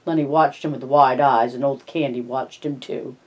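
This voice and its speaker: Reader doing plain novel narration, steady, middle pitch, clears throat sometimes. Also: moderate pace, rough recording. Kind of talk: reading a novel aloud.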